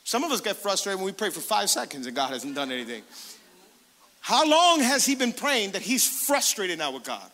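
An energetic male pastor preaches to his congregation, calling out and acting out prayers in his own voice. His voice sits high and sounds sharp and bright. The sound carries a long reverb from a large church hall. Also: moderate pace. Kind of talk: sermon. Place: church sanctuary.

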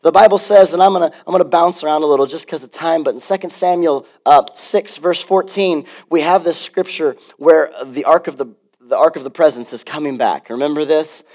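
A man pastor preaching a sermon in an animated, conversational way, with frequent asides. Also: on the high side, fairly quick.

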